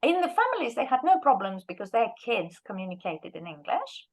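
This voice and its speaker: Animated woman telling teaching stories. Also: a little high, a little fast, rough recording. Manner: lively storyteller who acts out quoted speech. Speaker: guest lecturer and Russian teacher. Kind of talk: anecdotal workshop talk.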